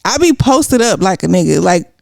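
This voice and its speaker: A man's voice: high-pitched, sing-song, moderate pace, vocal fry, dry recording, clean studio sound. A man with a Southern Texas country accent co-hosting a podcast, laid-back and slangy in casual chat. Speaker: podcast co-host.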